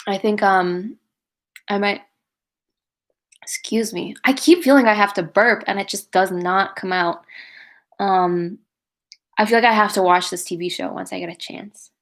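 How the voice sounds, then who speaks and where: A woman's voice: mid-range voice, a little slow, pauses often. A young woman hosting a casual livestream, reading out viewer comments and chatting in a gushing, chatty way. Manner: chatty and gushing, many "like"s and "oh my God"s. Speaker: livestream host and cover singer.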